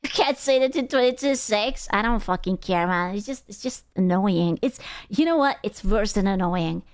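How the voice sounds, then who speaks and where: A young woman streaming and reacting to videos in casual chat, blunt and quick to swear. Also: medium pitch, expressive, clear, resonant tone, no room sound, clean studio sound. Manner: blunt, swears freely, laughs often.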